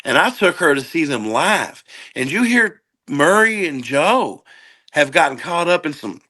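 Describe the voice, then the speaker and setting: A man guesting on a podcast, telling profane, animated stories and doing quick impressions of people in casual chat. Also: on the high side. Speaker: guest comedian.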